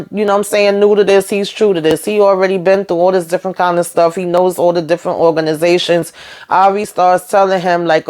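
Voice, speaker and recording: A woman hosting a casual TV episode recap, chatty, retelling scenes in loose paraphrase with lots of fillers and tag questions. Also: fairly low pitch. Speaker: TV recap host.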